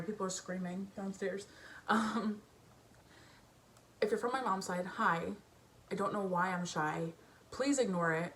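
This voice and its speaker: Doing her makeup in her bedroom at home while family sounds drift up from downstairs, a young woman talks casually for a get-ready-with-me video. Her mid-range voice has a fairly bright tone, she giggles self-consciously and uses many fillers, and there is slight background noise.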